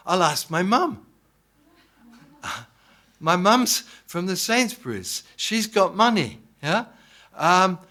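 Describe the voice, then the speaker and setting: Male preacher from England, slightly high pitch, chatty anecdotal sermon delivery. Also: a bit bright. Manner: anecdotal, conversational, asks the congregation "yeah?"; acts out quoted dialogue. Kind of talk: informal sermon.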